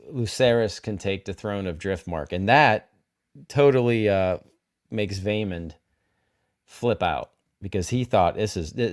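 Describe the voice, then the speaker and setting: A man with a slightly low voice talks through a TV episode in a loose, unscripted way. He keeps circling back with fillers and restarts, but his enthusiasm carries through. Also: darkish tone, clean tone. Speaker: show host. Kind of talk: casual spoiler talk about a TV episode.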